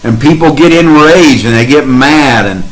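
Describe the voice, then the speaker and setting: A man's voice: mid-range voice, expressive, moderate pace, rough recording. A man giving a spiritual testimony and exhortation, emphatic and repeating affirmations in rhythmic lists. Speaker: speaker in a spiritual sharing session.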